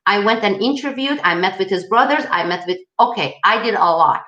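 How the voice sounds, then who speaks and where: A woman's voice: medium pitch, expressive, fairly quick, pushed and bright, echoey room, highs cut off. A woman hosting a political channel, answering viewer questions in an emphatic, rallying way. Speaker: host of a political video channel. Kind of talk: live-style viewer Q&A.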